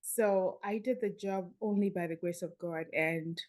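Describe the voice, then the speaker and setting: A woman's voice: fairly low pitch, unhurried. A middle-aged woman, a podcast guest telling a personal story and acting out the dialogue in it. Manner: animated, acts out dialogue. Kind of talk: storytelling in an interview.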